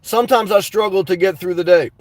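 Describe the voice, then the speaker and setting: A man's voice: sits high, fast talker, dry recording. A man hosting a livestream, reading live chat aloud in a rambling, earnest way and calling his viewers guys and man. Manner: rambling, earnest, repeats words.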